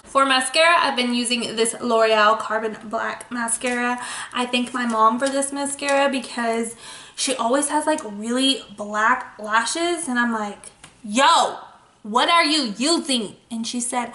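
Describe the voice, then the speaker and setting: A young woman chats her way through a makeup tutorial with a bright, forceful voice pitched a little high. She jokes at her own expense as she goes. The sound bounces around an echoey room at home. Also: measured pace. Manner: chatty, playful, self-mocking asides. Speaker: beauty vlogger.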